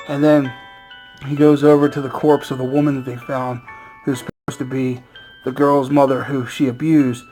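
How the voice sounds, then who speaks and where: A man casually recapping a horror film's plot as a movie reviewer, rambling and excitable, with lots of fillers and swearing. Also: mid-range voice.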